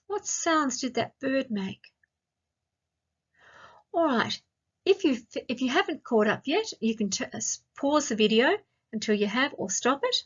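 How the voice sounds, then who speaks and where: An Australian woman teaching a grammar lesson to young children, speaking slowly and clearly and asking lots of questions. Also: high voice, sing-song, a bit bright. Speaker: primary school teacher. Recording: dull lo-fi sound.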